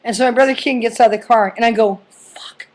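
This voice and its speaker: A woman's voice: on the high side, steady tone, rapid-fire. A middle-aged woman telling a funny personal story in a rambling, profane way, full of fillers and restarts.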